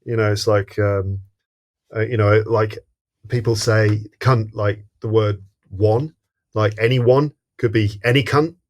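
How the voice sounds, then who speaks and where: A man on a film podcast with a fairly low voice, talking things through slowly and reflectively. He hedges and restarts as he hunts for the right word, with an easy, conversational tone. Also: steady tone. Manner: thoughtful, hesitant, searches for words. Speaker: podcast guest. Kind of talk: casual film-discussion chat.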